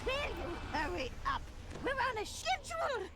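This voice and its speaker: A woman's voice: very high voice, very animated, moderate pace, loud music behind the voice. A woman voicing a scheming old female hag in a game, theatrical and taunting. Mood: impatient.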